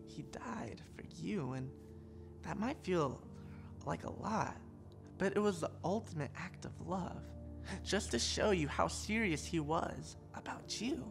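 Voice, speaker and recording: Speaking directly to the kids, a children's pastor tells a story with lively animation in an online church sermon. She has a lowish, creaky voice and keeps a measured pace, talking over music.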